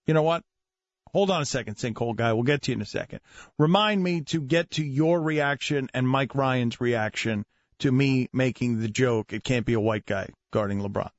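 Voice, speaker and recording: A man's voice: mid-range voice, moderate pace, dry recording, muffled recording. A man hosting a sports radio show, joking around and riffing between guests. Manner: joking, riffs into silly voices. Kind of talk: casual sports radio banter.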